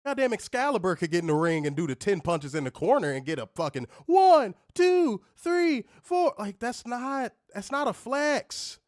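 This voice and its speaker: A man hosting a podcast, ranting in an animated, profane, casual way. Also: high-pitched, a little fast, few pauses, no echo, clean studio sound. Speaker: podcast host. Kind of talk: casual chat.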